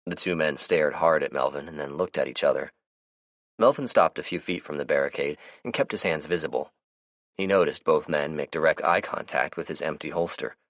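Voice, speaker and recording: A man narrating an audiobook in a steady, even storytelling manner. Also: a bass voice, brisk, no room sound. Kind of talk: scripted narration.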